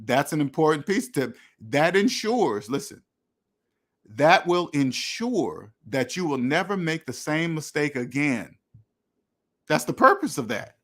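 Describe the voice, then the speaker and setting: A man's voice: on the high side, big pitch swings, measured pace. A man hosting a money channel, talking bluntly and repetitively straight to his viewers with many restarts. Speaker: finance channel host. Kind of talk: direct-to-camera rant.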